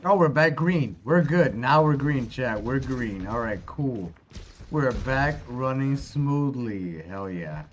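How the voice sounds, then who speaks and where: A man's voice: medium pitch, takes it slowly, lo-fi sound, a little hiss or hum. A man streaming live, chatting in a loose, upbeat way with casual swearing. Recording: faint music behind.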